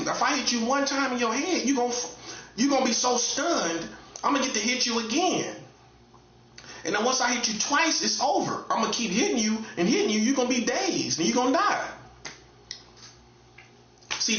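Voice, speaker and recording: Here a man holds forth as a self-styled prophet, blunt and emphatic in a loose, streetwise monologue. He repeats his lines and veers between loud high bursts and low mutters. Expect an echoey room and dull, lo-fi audio.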